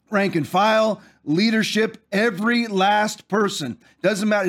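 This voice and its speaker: Male host in his forties, high voice, preachy and forceful, repeats lines for emphasis. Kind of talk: fiery political commentary with scripture.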